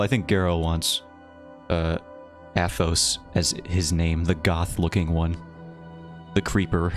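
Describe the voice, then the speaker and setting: Male streamer, very low voice, loose rambling banter with chat, faint music under it. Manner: rambling, playful and self-mocking. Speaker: livestreamer. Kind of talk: casual chat with a live chat.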